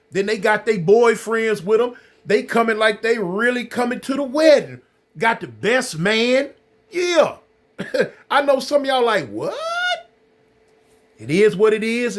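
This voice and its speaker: A man's voice: sits high, expressive, normal speed, fairly bright tone. A man casually telling his viewers a story in a rambling way. He uses loose slang and repeats his phrases. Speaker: channel host recounting prison life.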